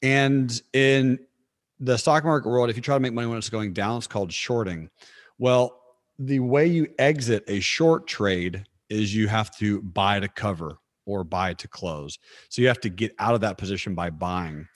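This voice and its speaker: A man's voice: on the low side, moderate pace, no echo, studio quality. A man who trades stocks, speaking as a podcast guest and patiently explaining things in a friendly way, with easy laughs. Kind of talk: explanatory interview talk.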